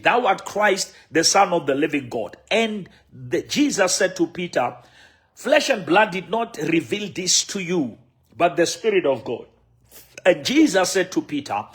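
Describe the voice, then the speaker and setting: A man's voice: sits high, fairly bright tone, breathy edge. A man with a Sesotho accent preaching a sermon as a bishop, repeating key phrases with emphasis.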